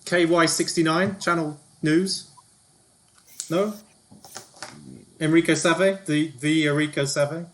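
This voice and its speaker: This is a vain, middle-aged male TV reporter, as a man puts him on in a tabletop game. He talks high and loud, chatty and pushy, fishing to be recognized. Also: steady tone, slow, pauses often, a little hiss or hum. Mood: smarmy.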